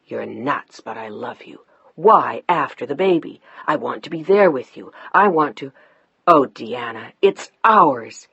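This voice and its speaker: A woman reading an audiobook, voicing a tender, lovestruck grown man in a softly urgent, emotional way. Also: rumbling low, lively intonation, a little slow, husky, dry recording, muffled recording, pitched below the performer's own voice, heavily acted.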